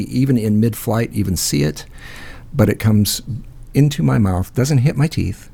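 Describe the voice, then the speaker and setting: A man's voice: fairly low pitch, vocal fry, dark tone, slightly rough. A man hosting a call-in show, telling a rambling, profane story full of fillers. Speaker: host. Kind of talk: casual storytelling.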